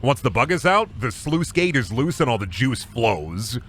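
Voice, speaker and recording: Rambling, bright-voiced male streamer. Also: mid-range voice, sing-song, moderate pace, slight background noise. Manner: rambling, self-deprecating and silly. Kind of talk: casual chat while gaming.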